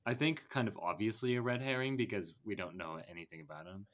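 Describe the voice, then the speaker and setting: A man's voice: fairly low pitch, quick pace. Meandering man chatting about a film. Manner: meandering, lots of fillers and restarts. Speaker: podcast co-host. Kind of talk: casual film discussion.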